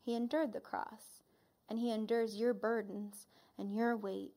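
A woman's voice: fairly high pitch, flat delivery, a little slow, dark tone. A woman church leader preaching a sermon, earnestly retelling a vision and reflecting on it.

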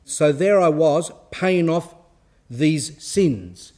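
A man giving a spiritual talk with a somewhat high-pitched voice. He reads passages aloud and then explains them in plain, conversational words, with the odd restart. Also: expressive, extremely slow, mellow. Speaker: religious teacher. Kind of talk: spiritual talk reading and commenting on a saint's life.

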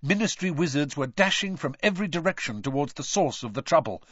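A man reading a novel aloud as an expressive audiobook narrator. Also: a little high, fairly quick, few pauses, no echo, muffled recording. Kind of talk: scripted narration.

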